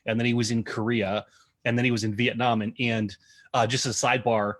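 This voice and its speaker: A man's voice: mid-range voice, no echo, studio quality. A man hosting a live interview, talking casually with many fillers and restarts as he greets viewers. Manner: relaxed, halting, lots of fillers and shout-outs. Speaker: host.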